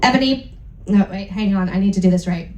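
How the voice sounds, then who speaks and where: A woman's voice: mid-range voice, little pitch movement, quick pace, mellow. A tipsy woman giving a live comedic reading, giggling and cursing through asides. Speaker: dramatic reader. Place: live event venue. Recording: roomy echo.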